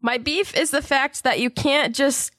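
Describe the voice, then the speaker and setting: Woman, higher voice, sharp-tongued schoolgirl in a tabletop game, dry mic. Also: measured pace, dry recording. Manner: sharp, scolding in character. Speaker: player. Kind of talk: tabletop role-play.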